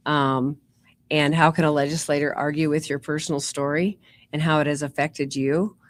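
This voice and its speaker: A woman's voice: low-pitched, fairly even intonation, moderate pace. A middle-aged woman, a nurse practitioner guest telling her story in a chatty way with many fillers. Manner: chatty, warm storytelling with fillers like "you know" and "um". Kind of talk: casual interview storytelling.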